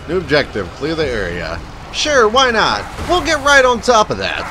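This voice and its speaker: A man's voice: a little high, huge pitch swings, normal speed, over music. A man giving casual, sarcastic, profane commentary while playing a video game. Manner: swearing, sarcastic, laughing. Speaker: gameplay commentator. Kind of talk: casual let's play commentary.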